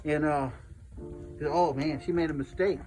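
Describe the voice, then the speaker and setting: A man's voice: fairly high pitch, normal speed, mellow, soft background music, rough recording. A middle-aged man giving a eulogy for his father, telling stories and acting out the dialogue. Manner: anecdotal, acts out dialogue in quotes. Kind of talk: storytelling eulogy. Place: memorial service.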